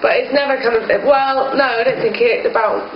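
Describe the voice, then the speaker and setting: A woman's voice: a little high, fairly even intonation, a little fast. A woman in a band, musing hesitantly in a casual interview and often saying "kind of". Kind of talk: casual chat. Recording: muffled, noisy, echoey old recording.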